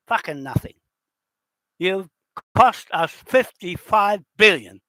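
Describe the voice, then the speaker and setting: A man delivers a furious, cursing rant, hammering his listeners with rhetorical questions. His voice sits a little higher than most men's. The recording is dry and close, with no room sound. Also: pushed and bright, dry recording. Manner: confrontational, heavily profane, rhetorical questions. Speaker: indigenous land claimant. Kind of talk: angry direct-to-camera rant.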